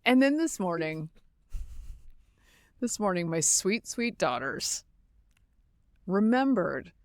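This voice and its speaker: Animated woman podcast host, dry studio sound. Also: medium pitch, slow pace, no echo. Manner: animated storytelling, laughs often. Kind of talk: casual chat.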